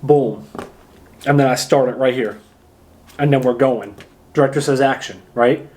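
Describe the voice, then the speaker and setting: A man acting coach giving a casual lesson to camera, energetic and emphatic, often pausing to demonstrate. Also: mid-range voice. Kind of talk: casual instructional talk to camera.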